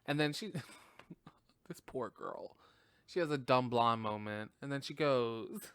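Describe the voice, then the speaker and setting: Brief: animated male podcast host, laughing and cursing, unhurried delivery, dry room. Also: medium pitch, clean tone, no echo. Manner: profane, animated, laughs often. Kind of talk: casual film review chat.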